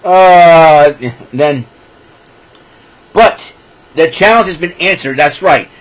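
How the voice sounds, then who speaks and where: On a laid-back wrestling recap show, the host rambles and chats, now and then dissolving into laughing fits. He talks slowly in a slightly high voice, captured on a rough recording.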